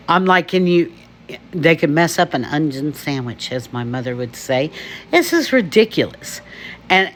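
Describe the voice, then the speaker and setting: A man's voice: mid-range voice, a bit bright, slight background noise. A man from the United States ranting emphatically to camera, laughing often. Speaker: vlogger. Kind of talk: opinion rant to camera.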